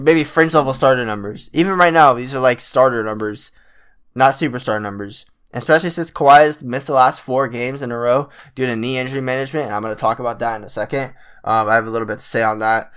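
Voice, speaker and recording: A man's voice: mid-range voice, a bit bright, smooth. A young man, sick and with a cracking voice, ranting in casual commentary as a frustrated basketball fan who swears a lot. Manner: exasperated, swears a lot, many fillers.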